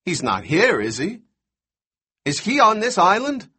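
A man's voice: sits high, wildly swooping pitch, a little slow, slightly rough, pitched above the performer's own voice, full character voice. A man voicing a hot-tempered, raised-voice scientist. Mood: angry. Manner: sharp, exclamatory, raised voice. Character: hot-tempered male scientist, blunt and quick to anger.

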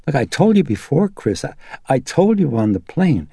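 A man voicing a flustered young female secretary who protests in rushed, stumbling bursts. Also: mid-range voice, very animated, vocal fry, warm tone, slightly rough, no echo, clean studio sound, pitched above the performer's own voice, full character voice.

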